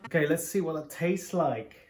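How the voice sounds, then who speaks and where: A man hosting a casual cooking vlog from his home kitchen, joking around and exclaiming loudly as he tastes. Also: on the high side, lively intonation, normal speed. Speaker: host, comedian cooking at home. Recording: roomy kitchen sound. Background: faint background music.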